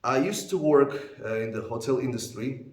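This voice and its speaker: Male English tutor, mid pitch, patient explainer, roomy echo. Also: expressive, moderate pace, a little mellow. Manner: plain, patient explaining with repeated example words. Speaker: English test teacher. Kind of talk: explanatory lesson.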